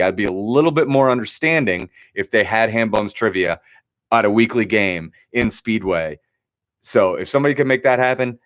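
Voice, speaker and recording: Male trivia host, lowish voice, loose and jokey, wanders off on tangents. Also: fairly bright tone. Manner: joking, rambling asides. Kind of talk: casual livestream hosting.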